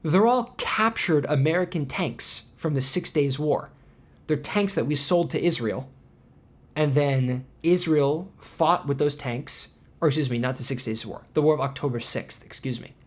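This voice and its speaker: A man's voice: fairly high pitch, moderate pace. A man hosting a podcast, telling an indignant travel story in casual chat with sarcastic asides. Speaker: podcast host.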